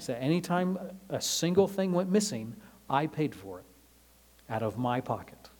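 A man giving a conversational Bible lesson, relaxed and filling pauses with frequent "um"s while he explains passages in everyday words. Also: medium pitch. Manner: explains scripture in everyday paraphrase. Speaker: Bible teacher.

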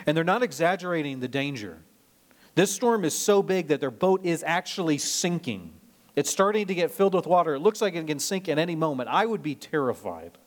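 A man from Nebraska, a pastor preaching a sermon in a conversational way, mixing scripture with personal anecdotes and lively storytelling. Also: fairly high pitch. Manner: lively storytelling, rising when retelling drama.

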